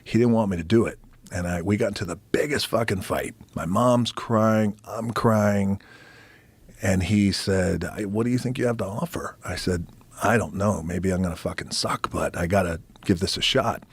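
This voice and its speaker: A man as a podcast guest, telling a profane, animated story in casual conversation and acting out other people's lines. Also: on the low side, moderate pace, slightly rough, no echo.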